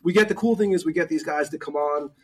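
A man's voice: on the high side, fast, darkish tone, husky, distant mic. A man co-hosting a casual sports podcast, rambling with many fillers and restarts. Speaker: podcast co-host.

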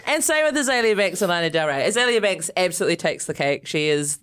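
A woman's voice: mid-range voice, quick pace, hardly any pauses, smooth. A woman co-hosting a podcast, chatting casually and laughing often as she tells a story. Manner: chatty, laughs often, animated when amused. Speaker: podcast co-host. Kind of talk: casual chat.

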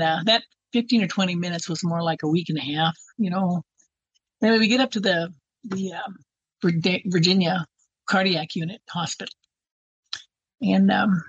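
Husky woman telling a rambling story. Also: on the low side, no room sound, highs cut off. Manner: rambling, many fillers and restarts. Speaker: interviewee. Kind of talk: personal storytelling.

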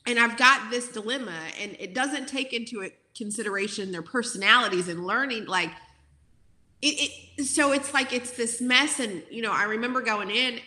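An outspoken former teacher in her forties speaks with feeling and plenty of fillers. Her voice is bright and a little high. The room around her is echoey. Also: expressive, normal speed. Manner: outspoken, emotional, many fillers. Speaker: guest, former teacher turned content creator. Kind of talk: emotional interview talk.

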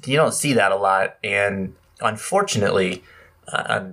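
A man's voice: lowish voice, moderate pace, creaky, sharp tone. An American man hosting a podcast, asking questions in an easygoing, casual way. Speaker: podcast host. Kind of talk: casual interview.

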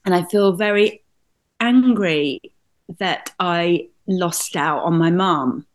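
A middle-aged woman from Britain, a comedian, telling personal stories in an animated, laughing way. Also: fairly low pitch, takes it slowly. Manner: animated, laughing, swears mildly. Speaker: guest comedian and author. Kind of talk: candid storytelling in conversation.

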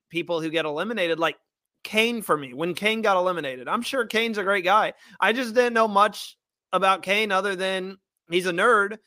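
High, bright-voiced podcast host man. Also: no echo, clean studio sound. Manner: relaxed, conversational, with fillers. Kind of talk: casual chat.

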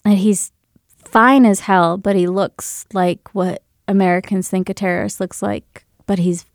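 A woman's voice: medium pitch, steady tone, measured pace, no echo, studio quality. A woman and military veteran telling a personal story candidly, swearing freely and laughing as she goes.

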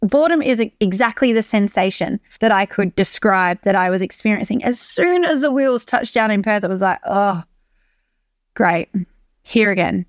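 A woman's voice: medium pitch, animated, brisk, hardly any pauses, no room sound, clean studio sound. A young Australian woman hosting a solo podcast, talking energetically and emphatically and swearing freely. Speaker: podcast host. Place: beach hut.

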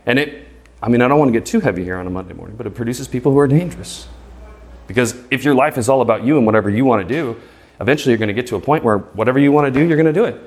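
A man in his thirties giving a live presentation to an audience. He speaks emphatically and rhetorically, keeps asking "right?", and stumbles over repeated words when he gets excited. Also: medium pitch, very fast, breathy edge.

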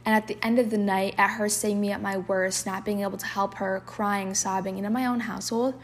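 A woman's voice: mid-range voice, fairly even intonation, brisk, a little hiss or hum. A woman hosting a podcast, telling a candid personal story full of "like" fillers and reading poems aloud, sometimes dropping to a whisper. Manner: emotional, confessional, with frequent filler "like". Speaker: podcast host.

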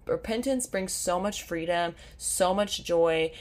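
A young woman with a low voice talks on her faith podcast in an earnest, heartfelt tone. Her speech is casual and full of fillers and restarts, like chatting with a friend. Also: a little slow, darkish tone. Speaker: podcast host. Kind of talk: faith-based podcast talk.

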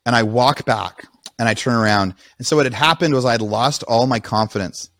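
A man, a podcast guest, telling his own story in a casual, animated way, often breaking off and restarting his sentences. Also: mid-range voice. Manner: rapid, animated retelling with restarts.

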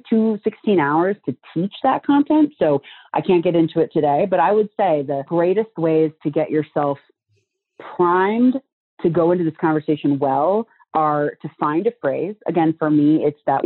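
A woman's voice: low voice, slightly rough. A woman speaking as a guest on a podcast, earnest and reflective, explaining advice with everyday images. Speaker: guest, communication trainer. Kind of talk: podcast conversation. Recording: tinny phone-like line.

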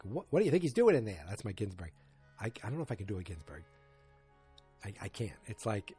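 A man with a husky voice talks through a TV episode in a loose, rambling way, often circling back and restarting his sentences. His casual recap sits over faint background music. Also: lowish voice, a little mellow. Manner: rambling, thinking aloud with many restarts.

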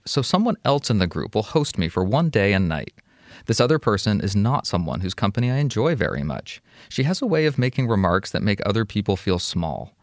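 A man co-hosting an advice show, reading a listener's letter aloud in a steady, measured way. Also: fairly low pitch, no echo, studio quality. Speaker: advice podcast co-host. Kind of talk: reading a listener letter, then casual chat.

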